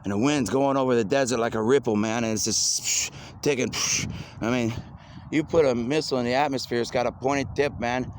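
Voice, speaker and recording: A man rambles outdoors in a loose, excitable monologue and keeps circling back to repeat himself. His voice sits at an ordinary pitch. Clear traffic and street noise run underneath. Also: a little fast. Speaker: video blogger. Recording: noisy outdoor recording.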